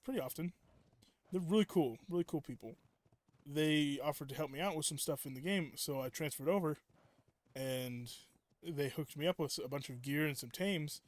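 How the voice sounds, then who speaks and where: A man's voice: on the high side, a little mellow, no echo. Rambling young man streamer, dry sound. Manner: rambling, filler-heavy, self-interrupting storytelling. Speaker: game streamer. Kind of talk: casual live-stream chat.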